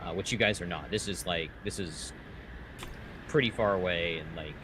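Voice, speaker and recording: A man running a tabletop game as game master, narrating scenes slowly with fillers. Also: deep voice. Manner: slow descriptive narration with fillers. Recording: clear background noise.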